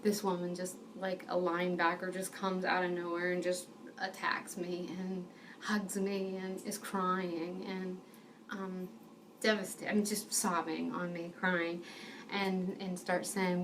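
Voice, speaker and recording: A woman telling a personal faith testimony, in an earnest, animated storytelling manner. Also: fairly low pitch, a little slow, far from the mic, a little hiss or hum. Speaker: ministry speaker.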